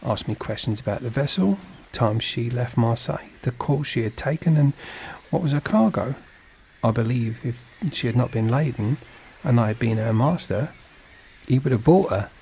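A man's voice: mid-range voice, expressive, moderate pace, a little mellow, slight background noise, lightly acted. A man narrating a storybook and voicing a polite, earnest young ship's mate.

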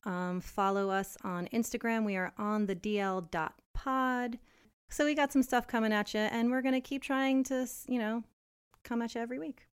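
A young adult woman co-hosting a casual podcast, telling a story in an animated way and laughing often. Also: on the high side, moderate pace, clear, resonant tone. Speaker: podcast co-host. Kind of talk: casual chat.

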